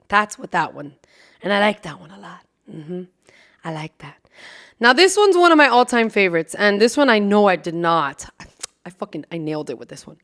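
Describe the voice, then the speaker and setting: A woman's voice: medium pitch, very animated, a little fast. A woman hosting a casual podcast, brash and profane, laughing often and dropping into whispered asides. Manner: brash and profane, laughing, switching into Spanish phrases; drops into loud whispers for asides. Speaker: podcast host. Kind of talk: casual solo podcast chat.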